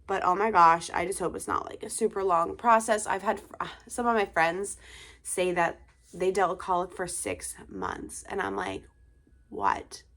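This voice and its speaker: A woman's voice: on the low side, animated, normal speed, fairly bright tone. A young woman, a tired mother of two, chatting casually to camera in a rambling way with many fillers and sighs.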